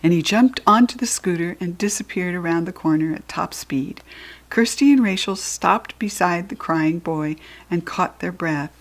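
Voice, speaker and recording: American woman, storybook reader, lively and expressive delivery. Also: lowish voice, moderate pace. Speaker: children's book reader. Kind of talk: storybook read-aloud.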